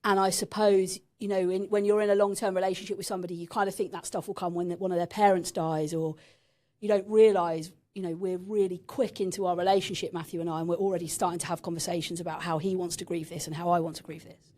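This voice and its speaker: A woman's voice: lowish voice, steady tone, fast, dark tone. A woman in her thirties from England, a podcast guest frankly telling a painful personal story and swearing now and then.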